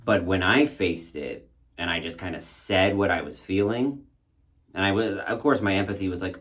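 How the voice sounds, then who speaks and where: A man's voice: low voice, normal speed, a bit bright. A man casually telling a candid, reflective personal story and acting out his own past thoughts. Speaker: spiritual content creator.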